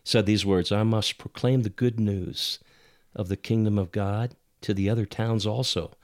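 A man hosting a faith podcast, speaking in a measured, unhurried way with pauses, quoting scripture and setting up his guest's stories. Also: fairly low pitch, fairly even intonation, a little mellow. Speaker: podcast host. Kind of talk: casual interview, quoting scripture.

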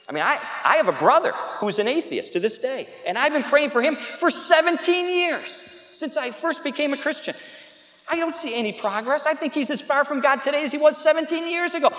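A pastor preaching a sermon, telling stories with emphatic repetition that builds to loud peaks. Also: male voice, extremely high pitch, lively intonation, brisk. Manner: storytelling, with laughs and asides to the audience. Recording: echoey hall with long reverb.

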